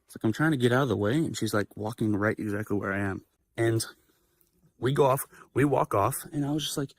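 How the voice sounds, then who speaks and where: A young man hosting a livestream, telling a personal story in a casual, animated way with lots of swearing and fillers. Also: medium pitch, brisk. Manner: animated, profane, filler-heavy. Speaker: livestream host.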